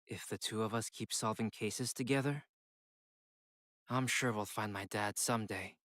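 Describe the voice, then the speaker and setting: A man's voice: on the low side, normal speed, a bit bright, no room sound, clean studio sound, close to an everyday voice. A man voicing an earnest young detective in a video game, hopeful and determined.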